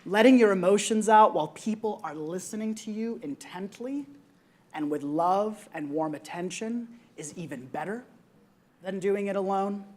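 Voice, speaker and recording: A young adult woman on a conference panel, earnestly telling a personal story with frequent ums and reflective pauses. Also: mid-range voice, a little mellow.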